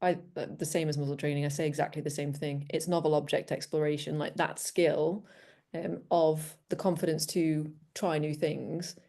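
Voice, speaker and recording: A woman's voice: deep voice, little pitch movement, moderate pace, vocal fry, dark tone. A woman speaking as a dog trainer guest in a casual interview, bubbly and laughing often, acting out her dogs.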